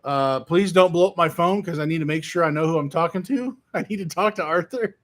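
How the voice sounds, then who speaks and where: A man hosting a casual livestream, reading viewer comments aloud and answering them in a relaxed, rambling way with plenty of fillers and restarts. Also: on the high side, brisk. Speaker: livestream host answering chat. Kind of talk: casual live chat.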